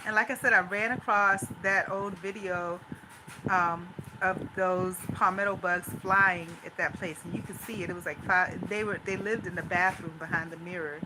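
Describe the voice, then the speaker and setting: A woman's voice: fairly low pitch, steady tone, normal speed. Anxious rambling woman, noisy recording. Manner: anxious, talks things out in loose run-on asides. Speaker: vlogger. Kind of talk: rambling personal venting monologue.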